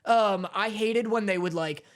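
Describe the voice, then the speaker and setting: A man's voice: sits high, measured pace. Wry, grumbling male podcast co-host. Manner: wry, complaining, jokey asides. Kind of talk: casual chat.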